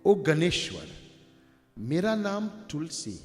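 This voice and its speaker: Admiring, curious young woman, told by a man in a slow, pleading storyteller's voice, high and lively; long hall echo. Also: exaggerated voice. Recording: reverberant hall with faint music.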